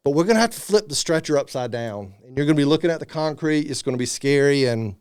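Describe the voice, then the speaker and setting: A man in his thirties, a guest speaker on a podcast, telling a personal story in a casual, animated way and acting out the people he quotes. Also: on the high side, quick pace, clean tone, no room sound, studio quality.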